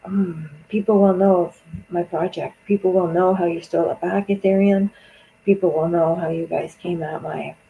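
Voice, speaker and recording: A furious streamer rants, full of curses. The voice is gravelly with vocal fry and a dark, mellow tone. It is a political monologue spoken straight into the stream. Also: mid-range voice, a little hiss or hum, poor audio. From Canada. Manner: angry, profane, venting.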